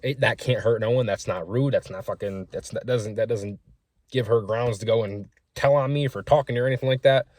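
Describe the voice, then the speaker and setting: A man's voice: mid-range voice, a little fast, a little mellow. A young man casually telling rambling, frank stories in a profane, chatty way. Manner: profane, rambling, frank storytelling with acted-out quotes. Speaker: small business owner telling gym stories. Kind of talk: casual storytelling vlog.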